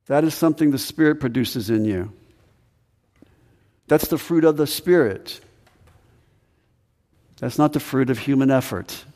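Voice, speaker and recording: A man's voice: mid-range voice, a little slow, pauses often, dark tone. Earnest preaching man in a reverberant hall. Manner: earnest, repetitive preaching with acted-out quotes. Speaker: pastor. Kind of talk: sermon.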